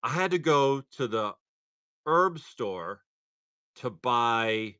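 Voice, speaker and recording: A man hosting a live stream, chatting casually and excitedly to viewers as he opens card packs. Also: medium pitch, slow, clear, resonant tone.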